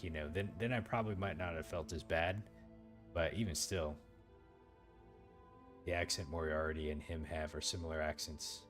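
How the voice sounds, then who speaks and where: A man's voice: a bass voice, steady tone, normal speed, faint music behind. A man hosting a let's play, giving loose, rambling commentary full of fillers as he plays.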